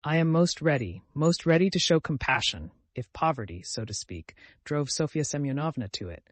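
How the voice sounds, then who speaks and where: Man playing a pompous condescending gentleman. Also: on the high side, very animated, normal speed, dry recording. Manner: smooth, condescending, formal. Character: pompous, self-righteous middle-aged gentleman.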